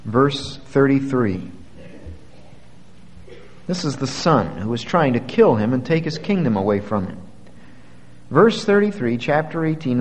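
A man's voice: big pitch swings, a little slow, pauses often. Man preaching a sermon in a reverberant hall. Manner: dramatic swings from quiet to loud, climbing pitch when quoting scripture.

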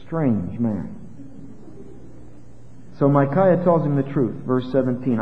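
A man preaching an expository sermon, retelling a Bible story in a conversational, animated way. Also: medium pitch, slow, long pauses, slight background noise. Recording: dull lo-fi with long reverb.

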